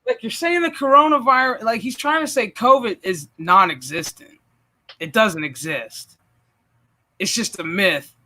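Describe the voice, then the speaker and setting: A man hosting a casual stream chat, animated and profane, laughing often as he talks. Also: high-pitched, unhurried, a little hiss or hum. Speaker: channel host.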